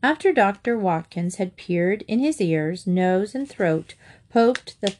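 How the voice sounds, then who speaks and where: A woman reading a children's chapter book aloud, narrating in a gentle, even way. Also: mid-range voice, slow pace, a little hiss or hum. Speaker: storyteller.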